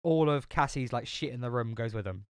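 A man's voice: mid-range voice, fairly quick, smooth, dry recording, studio quality. A man casually chatting about a film on a podcast, full of fillers, restarts and swearing. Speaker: podcast co-host.

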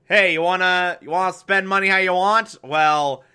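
A man's voice: sits high, steady tone, sharp tone, smooth. A man voicing a stern mother who rattles off sarcastic orders to her daughter. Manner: rapid, sarcastic lecturing.

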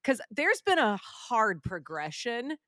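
A woman with a fairly high voice hosts a casual faith podcast. She is chatty and upbeat and laughs easily. The sound is close and dry, with no room ring. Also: big pitch swings, takes it slowly, sharp tone, no echo. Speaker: podcast co-host.

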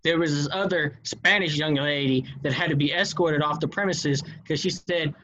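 A man in a casual group chat, telling stories with animated acted-out quotes. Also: a little high, moderate pace, few pauses, dull audio. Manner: animated storyteller, acts out quotes.

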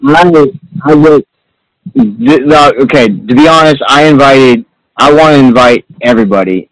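A man's voice: mid-range voice, moderate pace, dry recording, rough recording. A man telling childhood stories in a casual chat with old friends, rambling and swearing as he goes. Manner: rambling, profane storytelling. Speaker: guest.

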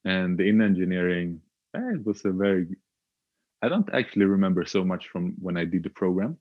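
A young man from Sweden, a podcast guest telling his own story in a halting, hesitant way. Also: sits low, animated, no room sound, narrow, tinny audio. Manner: hesitant, halting, with frequent filler sounds. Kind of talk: reflective personal storytelling.

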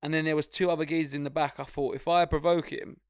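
A young man tells stories on a podcast, full of swearing, and he puts on quick voices for the people in them. His voice sits a little high and has a gravelly fry. It is recorded dry and close to the mic. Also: level tone, no echo. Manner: swearing storyteller, acts out voices. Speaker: podcast co-host. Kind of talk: casual chat.

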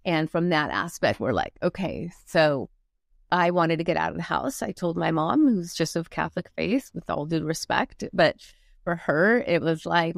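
A motivational speaker and coach opens up about her life in an interview, earnest and reflective with frequent pauses. Her low-leaning voice is gravelly yet expressive, captured in clean studio sound with no echo.

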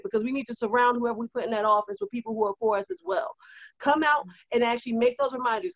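A woman co-hosting a casual chat at her desk, talking in an animated, rousing and exhortative way. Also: sits high, no room sound. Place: at a desk indoors. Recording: dull, lo-fi, dry recording.

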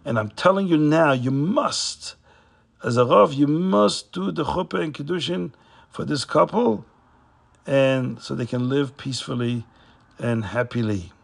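A man speaking as a domineering prince who gives orders and will not be refused. The voice is gravelly and husky. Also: a little high, measured pace. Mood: commanding. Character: domineering male prince, quick to anger.

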